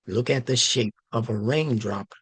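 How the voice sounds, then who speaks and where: A male instructor giving a slow, emphatic religious language lesson, stressing key words. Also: medium pitch, fairly bright tone, breathy edge, no echo. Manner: slow, deliberate, emphatic teaching.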